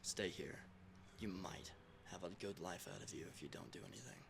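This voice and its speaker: A man voicing a cold, cruel male gang boss who makes low, quiet threats. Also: a little fast, vocal fry. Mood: menacing. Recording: echoey room with background noise.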